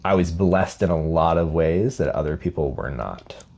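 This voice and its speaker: A man from Scotland talking about his upbringing in a casual podcast conversation, reflective and unhurried as he tells his story. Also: sits low, darkish tone. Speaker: podcast co-host and guest.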